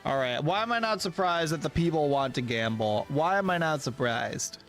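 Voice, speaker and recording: A young man streaming a game live, excitable and cursing loudly at big plays, talking to his chat. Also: on the high side, normal speed, faint music behind.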